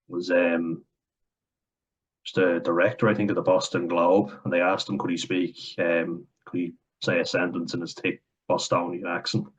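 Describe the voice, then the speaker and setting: A man's voice: low voice, flat delivery, moderate pace, slightly rough. An Irish man talking bluntly and profanely in a casual, sardonic opinion rant for his vlog. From Ireland. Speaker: vlogger.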